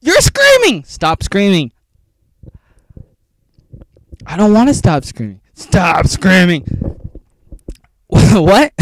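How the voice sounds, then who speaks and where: A man talking on his own in a rambling vlog, sliding from loud bursts to low muttering. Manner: rambling, jumps between mocking squeals and low muttering. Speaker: vlogger.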